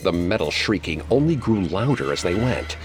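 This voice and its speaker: Deep-voiced man narrating a horror story. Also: big pitch swings, soft background music. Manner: measured, suspenseful storytelling.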